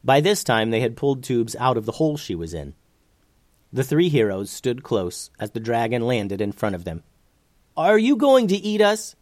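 A man narrating a children's fantasy story in an expressive, animated way. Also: mid-range voice, moderate pace, no room sound, clean studio sound.

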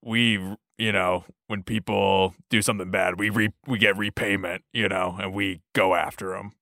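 A man's voice: on the low side, level tone, moderate pace, gravelly, pushed and bright, no room sound, clean studio sound. A man taking part as a player in a comedy tabletop game, joking in banter. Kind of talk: comedy tabletop role-play.

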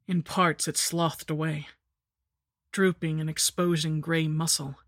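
A woman narrating a horror story in the first person, with a measured, grim delivery. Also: low voice, dry recording, clean studio sound. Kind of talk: scripted narration.

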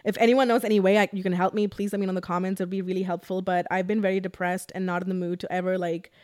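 A woman's voice: mid-range voice, little pitch movement, very fast, darkish tone, no echo. Dry, rambling young woman podcaster. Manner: rambling and emotional, heavy use of "like". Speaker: podcast host. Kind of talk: casual storytime monologue.

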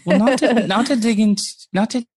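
A woman co-hosting an improvised comedy interview, teasing and lively. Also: a little high, normal speed, husky, dry recording, clean studio sound. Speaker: podcast co-host.

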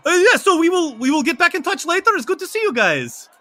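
A man voicing an excitable, pale and gaunt male vampire count who rambles, stammers and acts overly friendly. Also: very high-pitched, fast talker, pitched above the performer's own voice, full character voice. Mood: breezy.

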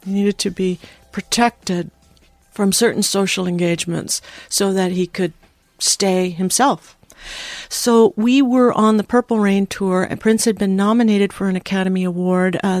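A woman in her sixties, a studio engineer, telling a story as a guest in a podcast interview, lively and full of restarts. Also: medium pitch, dry recording.

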